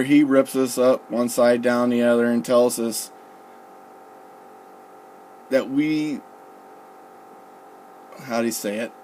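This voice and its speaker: A young man casually telling a story, profane and relaxed, quoting people with "I'm like" and "he goes.". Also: mid-range voice, a little hiss or hum. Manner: profane, laid-back, quotes others with "I'm like" and "he goes". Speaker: storyteller recalling his recruit days.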